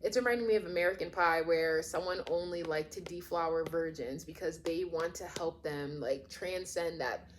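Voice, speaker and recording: A woman's voice: fairly low pitch, moderate pace, hardly any pauses, a little hiss or hum. A woman giving a casual tarot reading, rambling and chatty with lots of fillers, often acting out imagined quotes. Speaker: tarot reader.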